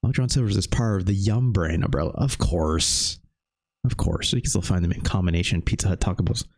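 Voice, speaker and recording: A man in his thirties streaming a retro game, chatting with viewers in a loose, animated way and swearing casually. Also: low voice, a little fast. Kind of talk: live game stream chat.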